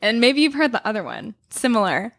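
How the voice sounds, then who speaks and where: A woman's voice: fairly high pitch, very animated, fairly bright tone, no room sound. Chatty woman podcast host telling a tale. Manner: chatty, giggly storyteller with quick asides. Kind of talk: storytelling in casual chat.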